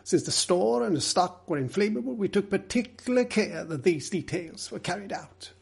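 A man playing an earnest, insistent gentleman. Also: a little high, a little slow, pitched above the performer's own voice. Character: earnest, excitable male property owner.

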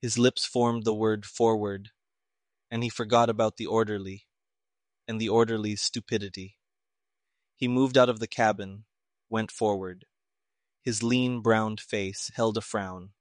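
A man's voice: lowish voice, fairly even intonation, a little slow, long pauses, no room sound. Man narrating an audiobook, dry.

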